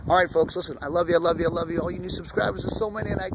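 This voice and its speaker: An excitable man rambles on about what he sees, talking about himself by his nickname. His voice sits a little high, and wind roars loudly across the phone mic outdoors. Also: rapid-fire. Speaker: vlogger. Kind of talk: excited off-the-cuff vlog commentary. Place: outdoors under an open sky.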